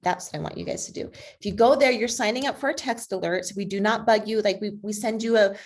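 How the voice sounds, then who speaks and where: A woman speaking as a guest on a video call, persuasive and energetic, with frequent fillers. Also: medium pitch, fast. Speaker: guest speaker, advocacy group president. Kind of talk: conversational online talk.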